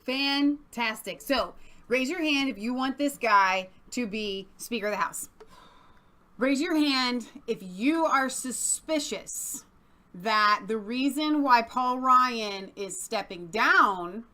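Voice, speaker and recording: Sassy, bright-voiced woman co-host. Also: on the high side, takes it slowly. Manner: sassy, animated, teasing. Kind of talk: opinionated casual chat.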